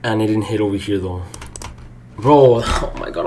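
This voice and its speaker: A young man livestreaming his day trading, swearing and swinging between low muttering and loud outbursts. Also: unhurried, noisy background. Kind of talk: live streaming commentary.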